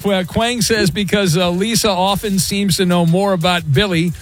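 A man with a high voice hosts a radio show in fast, joking patter and pokes fun at his callers. Faint music plays behind him. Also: steady tone. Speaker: radio host. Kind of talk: sports talk radio banter.

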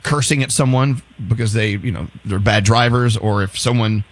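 A man hosting a morning radio show, teasing and joking with co-hosts and callers. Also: fairly low pitch. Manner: playful, teasing, quick to joke. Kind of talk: casual morning radio chat.

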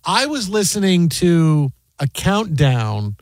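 A man hosting a casual sports talk show, playful and rambling, quick to joke. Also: a little high, very animated, no echo. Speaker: radio show host.

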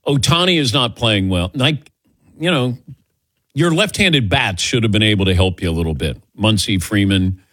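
A man hosts a sports talk show in a husky voice that rises and falls a lot. He talks quickly and casually into a studio mic. The sound is close and dry. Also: fairly low pitch, no echo. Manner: animated, quick back-and-forth. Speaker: sports radio host. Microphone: studio microphone.

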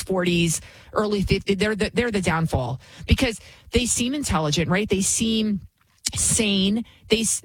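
A woman's voice: medium pitch, breathy edge, dry recording. A woman hosting a talk radio show as a fill-in, delivering a blunt, indignant opinion monologue.

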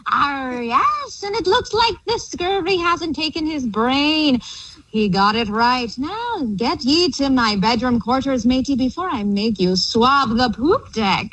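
A woman's voice: sits high, animated, a bit bright, slightly rough, no echo, distant mic, heavily acted. A woman voicing a bold, flirty female pirate captain on a prank phone call, drawing out her words in a growly pirate manner. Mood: bossy pirate. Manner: growly drawn-out pirate talk with "arr". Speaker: caller.

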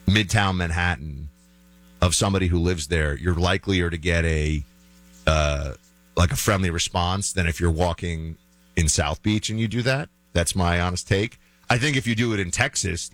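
A man hosting a talk show, giving chatty, opinionated commentary full of fillers and restarts. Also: low-pitched.

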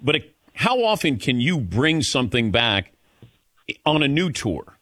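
A man hosts a radio interview, chatting casually with his guest, laughing readily and keeping his questions short. His voice is bright and forceful, recorded dry and close. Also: medium pitch, sing-song, a little slow, dry recording.

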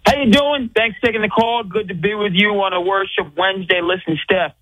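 A man's voice: high voice, fairly quick, no room sound. A man calling in to sports radio, giving preachy, emphatic advice. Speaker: caller. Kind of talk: casual phone-in. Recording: phone line.

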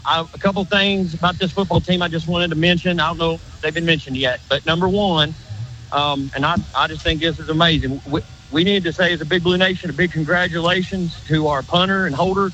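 Caller, male, bright forceful tone, earnest, muffled call-in line. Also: a little high, steady tone, a little fast. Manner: earnest, hesitant. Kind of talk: radio call-in.

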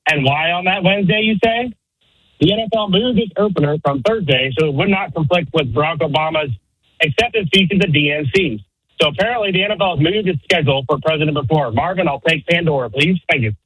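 A man's voice: a little high, fast, fairly bright tone, husky, no echo, poor audio. A man calling in to a sports radio show to share a trivia fact, building it up with a setup question. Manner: trivia-sharing, tells it with a setup. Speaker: caller.

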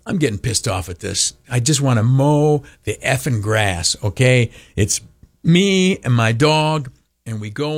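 A cranky American radio host ranting about everyday annoyances. He talks in a sarcastic, grumbling way, with frequent ums and uhs. His pitch sits in the ordinary middle for a man. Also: dry recording. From United States. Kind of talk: ranting monologue.

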